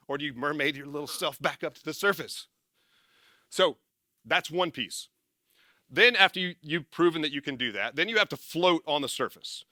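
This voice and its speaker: A man giving a casual motivational talk to an audience, energetic and rambling, often correcting himself and laughing at his own slips. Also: fairly high pitch, no room sound, clean studio sound. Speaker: former military speaker and success coach.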